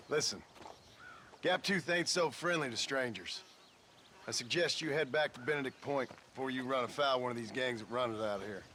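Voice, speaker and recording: A man's voice: mid-range voice, normal speed, long pauses, bright, forceful tone, close to an everyday voice. An actor playing a blunt, laconic frontier gunman in a western video game. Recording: game audio with ambient noise.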